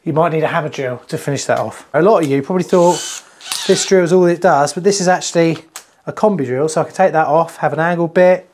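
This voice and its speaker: In a customer's bathroom, a man talks fast in a voice on the high side, giving a casual plumbing tutorial with joking asides to camera. Background noise is present, and music plays under his voice.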